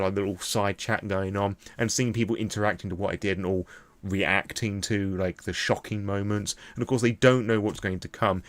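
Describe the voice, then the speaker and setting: A man's voice: lowish voice, dry recording. A young British man recapping a tabletop session as its game master, rambling enthusiastically with lots of fillers. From Britain. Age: young adult.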